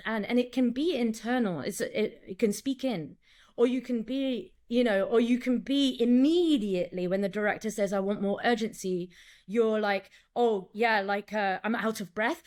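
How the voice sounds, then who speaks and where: A female director and acting coach gives a lively, relaxed interview, performing quotes and lines and frequently starting her sentences over. Her pitch is a little high.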